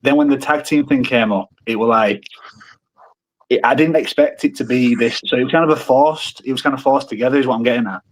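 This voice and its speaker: A man's voice: medium pitch, brisk, low-quality recording. A man, a wrestler guest, chatting in a rambling, self-interrupting way over a video call.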